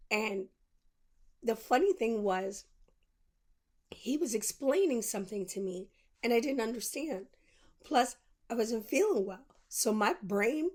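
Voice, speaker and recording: A woman podcast host with a slightly high, slightly mellow voice tells a personal story in a candid monologue. She acts out both sides of the conversations she recounts.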